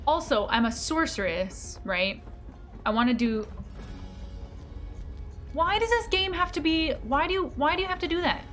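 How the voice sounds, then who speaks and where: A woman's voice: sits high, animated, normal speed, long pauses, a bit bright, faint music behind. A woman streaming a game, chatting casually with her viewers in a bubbly, giggly manner. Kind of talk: casual live-stream chat while gaming.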